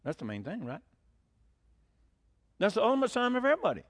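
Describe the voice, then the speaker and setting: A man preaching a sermon as pastor, animated, asking rhetorical questions and chuckling between points. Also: high-pitched, a little fast.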